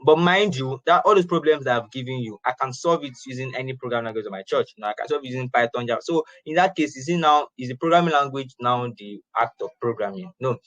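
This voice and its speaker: A man teaching beginners to code in a loose, conversational way. He circles back and repeats phrases as he explains, at an ordinary mid pitch. The room sound is dry and close. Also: a bit bright, no room sound, low-quality recording. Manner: chatty, repeats and restarts phrases, laughs often. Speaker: programming instructor. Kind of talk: informal classroom lecture.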